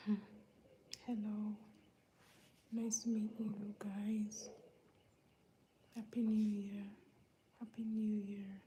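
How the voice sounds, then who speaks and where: A woman from Uganda hosting a live stream, greeting viewers one by one in a soft, laid-back, whispery way while feeling under the weather. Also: medium pitch, completely flat delivery, extremely slow, long pauses, slight background noise, rough recording. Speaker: livestream host greeting viewers.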